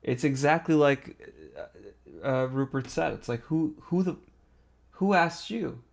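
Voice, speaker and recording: A man's voice: medium pitch, lively intonation, measured pace, gravelly, a little mellow. A man on a podcast livestream talking casually and profanely, stumbling and restarting mid-sentence. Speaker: podcast co-host.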